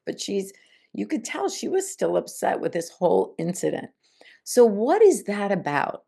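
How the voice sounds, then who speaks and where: Gravelly-voiced woman hosting a calm podcast. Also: mid-range voice, moderate pace. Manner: gentle, reflective storytelling. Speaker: podcast host. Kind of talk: spiritual self-help podcast talk.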